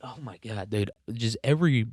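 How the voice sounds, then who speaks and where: A man's voice: medium pitch, moderate pace, darkish tone, no echo, studio quality. A man hosting a casual political commentary monologue, sarcastic, profane and rambling, and a little congested with frequent coughing. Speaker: podcast host.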